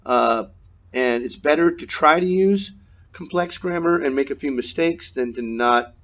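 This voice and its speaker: A man, an English teacher, giving relaxed spoken feedback on a student's answer, with a few ums and uhs. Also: mid-range voice, measured pace. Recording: dull lo-fi recording.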